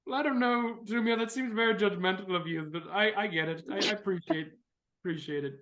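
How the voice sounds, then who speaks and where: A man's voice: high-pitched, brisk, fairly bright tone. A man voicing a hesitant, apologetic adventurer who stammers and repeats himself. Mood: sheepish.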